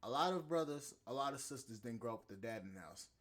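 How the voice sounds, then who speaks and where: A man's voice: medium pitch, lively intonation, fast talker. A man hosting a podcast, ranting in a heated, profane, rambling monologue. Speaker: podcast host. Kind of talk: casual podcast rant.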